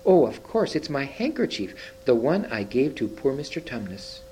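A man voicing an eager, excited little girl from a storybook, pitched up. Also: moderate pace, slight background noise, lightly acted, low-quality recording. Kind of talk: reading a storybook aloud.

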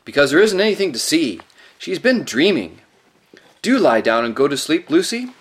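A bossy, sharp-tongued young girl, as a man reading a storybook puts her on, snapping and scolding. The voice sits high and swings lively. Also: normal speed, breathy edge, exaggerated voice.

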